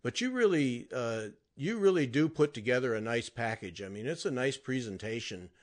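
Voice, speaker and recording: Man host, halting and full of praise. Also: mid-range voice, expressive. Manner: halting, complimentary, many "uh" restarts. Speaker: podcast host. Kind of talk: casual interview chat.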